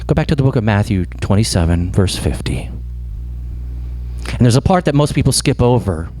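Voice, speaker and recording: A man preaching a sermon as pastor, impassioned and dropping low for emphasis. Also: lively intonation, a little fast, long pauses, dark tone.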